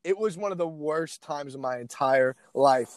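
A man's voice: fairly high pitch, moderate pace, no room sound. A stand-up comedian, a man, telling crude stories in casual chat and teasing his friend with lots of swearing.

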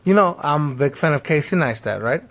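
A man in a casual chat, telling a story in an excitable way, with frequent restarts and laughs. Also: fairly high pitch, a little fast. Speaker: podcast co-host.

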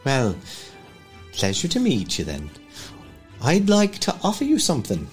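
A man voicing a warm, motherly woman recruiter, cheery and coaxing. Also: medium pitch, wildly swooping pitch, measured pace, faint music behind, voice pushed up.

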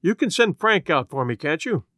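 A man reading a brisk, incisive county attorney. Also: a little high, very animated, pushed and bright, no echo, studio quality. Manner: incisive, dismissive.

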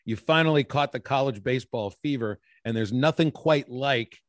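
A man of middling pitch joins by video call as a guest, talking in an easygoing, self-deprecating way. His sound is dry and close. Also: normal speed, dry recording. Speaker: guest, baseball play-by-play broadcaster. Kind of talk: casual chat over video call.

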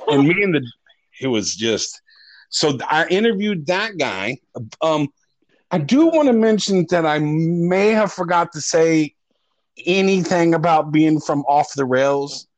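A man's voice: a little high, expressive, unhurried, no room sound, low-quality recording. Male podcast co-host, profane rambling storyteller, dry mic. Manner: rambling, profane, restarts often. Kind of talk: casual storytelling chat.

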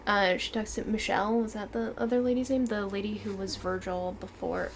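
A woman chatting casually as co-host of a book club show. She rambles along with plenty of ums and likes and laughs easily. A faint hiss sits under her mid-pitched voice. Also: moderate pace. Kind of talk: casual chat.

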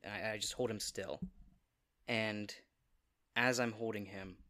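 Bright-voiced man playing a tabletop game. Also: on the low side, fairly even intonation, measured pace. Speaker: player. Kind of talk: casual tabletop play.

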